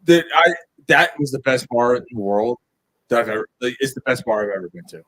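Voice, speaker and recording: A man's voice: mid-range voice, expressive, a little fast, a bit bright, dry recording, rough recording. A man co-hosting a casual sports podcast, telling rambling stories with laughs and swearing. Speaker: podcast co-host. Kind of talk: casual bar-style chat.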